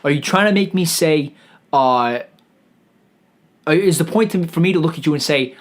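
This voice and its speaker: A man's voice: on the high side, normal speed, pauses often. Rambling, cussing male streamer. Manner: rambling, stammering restarts, heavy swearing. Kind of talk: profane comedic rant.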